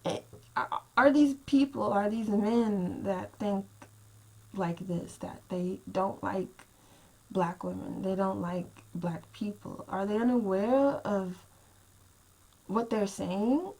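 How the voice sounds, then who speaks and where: A woman vlogging to her camera, telling a workplace story in a casual, exasperated rant and acting out what people said with big jumps in pitch. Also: takes it slowly, darkish tone, low-quality recording.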